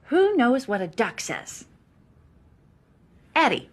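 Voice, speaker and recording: A woman playing a patient schoolteacher quizzing a class, slow and encouraging. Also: on the high side, sing-song, slight background noise. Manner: slow, encouraging teacher talk.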